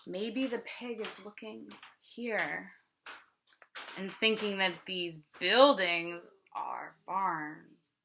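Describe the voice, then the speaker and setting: A teacher reading a picture book to young children, slowly and with pauses to ask questions. Her voice is bright and clear, and each word is spelled out patiently. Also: medium pitch, a little hiss or hum. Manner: slow, questioning, explaining. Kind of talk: read-aloud for young children.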